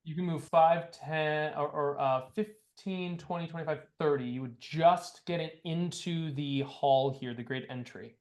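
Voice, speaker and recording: A man's voice: a little high, steady tone. A man running a tabletop game as dungeon master, casual and playful in his narration. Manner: casual, playful, fast asides.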